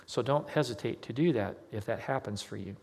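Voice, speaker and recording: A man preaches in a church, telling a story the way he would at a kitchen table and voicing each person he quotes. His voice sits in an ordinary middle pitch. A long reverb tail hangs after his words in a large hall. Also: a little fast, gravelly, darkish tone, slightly rough. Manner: conversational, anecdotal, acts out quoted dialogue. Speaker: pastor.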